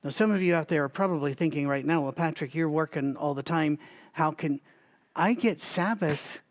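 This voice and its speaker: Higher-voiced man teaching a Bible study. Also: normal speed. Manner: chatty, thinks aloud with restarts and asides. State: has a recurring cough.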